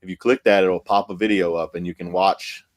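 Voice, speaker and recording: A man, a paranormal investigator guest telling a story in casual podcast chat, excited and profane, with many fillers. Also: low-pitched, fairly quick.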